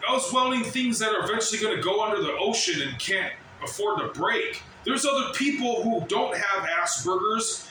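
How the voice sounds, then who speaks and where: A man ranting casually to the camera at work, rambling and swearing as he mimics other people's shouts. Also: high-pitched, distant mic, a little hiss or hum. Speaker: vlogger. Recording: very echoey, from off the mic.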